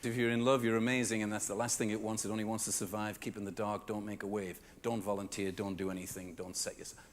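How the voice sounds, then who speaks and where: A man's voice: quick pace, slight background noise. A man giving a comedic storytelling talk to a live audience, acting out the people in his stories with big jumps in his voice. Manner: animated, acts out customers and staff with big pitch jumps. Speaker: keynote speaker. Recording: reverberant hall.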